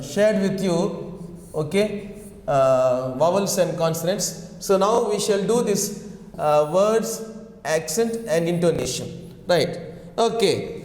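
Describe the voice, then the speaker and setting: A man's voice: high-pitched, darkish tone. A man with an Indian English accent teaching an online class, repeating each point and checking in with "right?" and "okay?". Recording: echoey room with long reverb.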